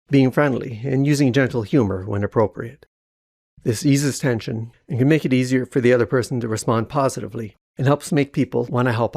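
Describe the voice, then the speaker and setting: Brief: male narrator, mid pitch, gravelly edge, dry close sound, calm instructive delivery. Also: no room sound. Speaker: self-help educator. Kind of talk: scripted narration.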